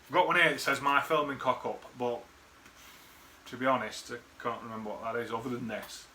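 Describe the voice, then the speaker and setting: Guy, bright tense voice, rambling and sweary, faint background hiss. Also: medium pitch, fairly even intonation, brisk. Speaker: friend recording a birthday message. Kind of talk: casual rambling reminiscence.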